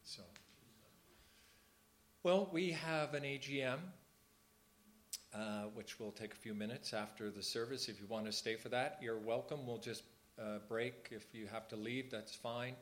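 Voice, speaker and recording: A man's voice: medium pitch, a little slow, pauses often. This is a man addressing his church in an informal service. He talks earnestly, like a conversation, and repeats key phrases for emphasis. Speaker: church leader.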